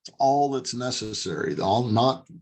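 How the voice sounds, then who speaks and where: A man's voice: medium pitch, lively intonation, measured pace, darkish tone. A man teaching an online class on dog handling, speaking emphatically over a video call. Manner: emphatic, demonstrates voice tones. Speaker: dog trainer and instructor.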